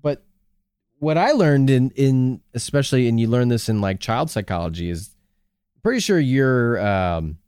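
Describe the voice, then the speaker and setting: A man co-hosting a podcast in casual chat, animated and swearing often, with jokey put-on voices. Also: medium pitch, normal speed, clear, resonant tone, no room sound, clean studio sound. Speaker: podcast co-host.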